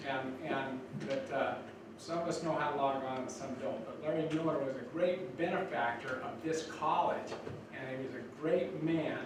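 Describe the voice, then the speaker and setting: A man's voice: medium pitch, moderate pace. Casting note: older male speaker, rambling and folksy, recorded far off in an echoey room with noise behind. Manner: folksy, rambling with many restarts. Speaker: guest speaker. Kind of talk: speech to students. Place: college lecture room. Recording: echoey hall from far off, noisy.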